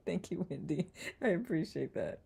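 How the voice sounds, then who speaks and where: Woman host, low gravelly voice, playful live chat, faint music behind. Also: animated, measured pace, warm tone. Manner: playful, laughs often, repeats words aloud. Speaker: host of online community circle. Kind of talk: casual live-stream chat reading comments.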